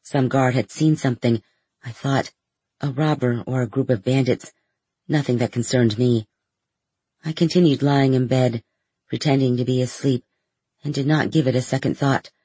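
A man reading a first-person novel aloud in a measured storytelling manner as an audiobook narrator. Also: mid-range voice, steady tone, dark tone, breathy edge, no room sound.

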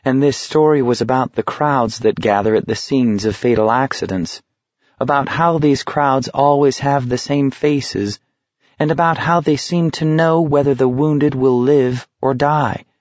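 Slow, measured male audiobook narrator. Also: medium pitch, no echo. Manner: measured, steady reading. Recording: dull lo-fi recording.

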